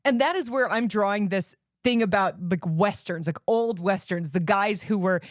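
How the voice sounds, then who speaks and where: A woman co-hosting a podcast, chatting casually about a movie, animated and quick to laugh and swear. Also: medium pitch, no room sound, studio quality. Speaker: podcast co-host. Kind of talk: casual chat.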